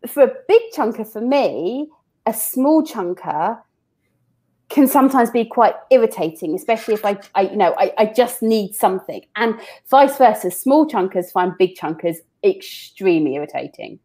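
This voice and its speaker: A woman's voice: medium pitch, lively intonation, normal speed, mellow. A woman in an interview, explaining how she works with people, with a chatty manner full of restarts and repeated words. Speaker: business owner guest. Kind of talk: casual interview talk.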